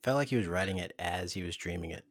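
A man's voice: low-pitched, quick pace. A man on a comedic podcast who chimes in with wry asides. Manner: wry interjections.

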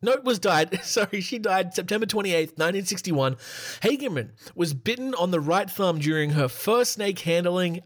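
A man's voice: high voice, expressive, normal speed. A man hosting a casual solo podcast, reading out a list while laughing at himself and breaking off to joke. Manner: giggly, irreverent, self-interrupting. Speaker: podcast host.

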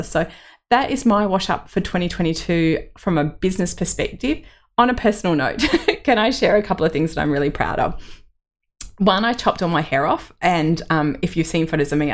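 Casting: middle-aged woman, low voice, candid solo podcast host. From Australia. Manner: candid and personal, with laughs and fillers.

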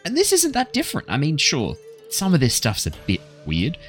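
A man narrating as game master in a tabletop game, relaxed and rambling, with fillers. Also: fairly high pitch, moderate pace, soft background music.

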